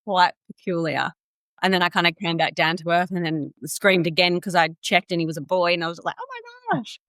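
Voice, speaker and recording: A woman's voice: on the low side, fairly even intonation, brisk, a bit bright, no room sound, studio quality. A woman guest on a podcast, telling her story casually and animatedly, acting out quotes with laughter.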